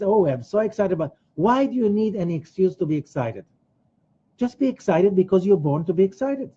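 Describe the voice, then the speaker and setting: A man teaching a Kabbalah study class in an animated way, acting out quoted voices. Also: slightly rough, muffled recording. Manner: animated, rising to emphatic high bursts; acts out quoted voices of other people. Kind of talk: religious study lecture.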